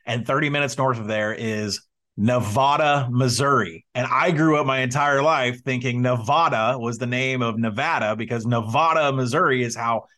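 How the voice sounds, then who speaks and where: A man's voice: mid-range voice, normal speed, hardly any pauses, sharp tone. Boastful man from Arkansas co-hosting. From Arkansas, USA. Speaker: podcast co-host. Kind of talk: casual sports betting podcast chat.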